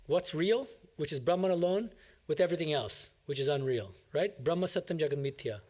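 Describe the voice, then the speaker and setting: A monk speaks to his class in a lively, explanatory way and stresses his key points. His voice sits a little high for a man. The tone is that of a classroom commentary. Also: a little fast. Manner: animated, explanatory, emphatic. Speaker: monk teaching a scripture class. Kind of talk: classroom commentary on a scripture reading.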